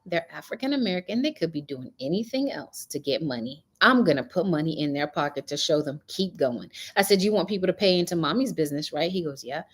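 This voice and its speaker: Lively middle-aged woman hosting a spiritual talk. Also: low voice, quick pace, hardly any pauses, husky. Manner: animated storytelling, preachy. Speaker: host.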